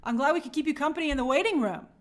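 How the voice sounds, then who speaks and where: A woman's voice: high voice, lively intonation, very fast. A woman hosting a live stream, chatting casually and greeting viewers by name in an upbeat, friendly way.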